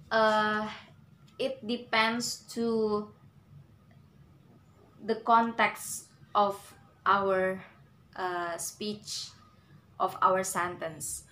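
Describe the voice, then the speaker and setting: Very slow, halting woman presenting. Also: medium pitch, fairly even intonation, bright, forceful tone, slight background noise, low-quality recording. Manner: halting, many pauses and fillers. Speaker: student presenter. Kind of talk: class presentation on English stress.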